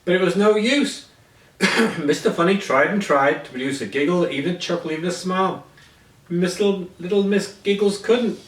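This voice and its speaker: A man's voice: high voice, moderate pace. Man reading a children's story aloud, stumbling and correcting himself, heard from a distance in an echoey room. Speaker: reader. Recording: echoey room, voice away from mic.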